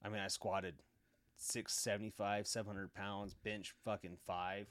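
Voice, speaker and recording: A middle-aged man, a podcast guest, telling rough stories in a blunt, boastful way with heavy swearing. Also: lowish voice, level tone, a little slow, fairly bright tone, no room sound. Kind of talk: casual storytelling.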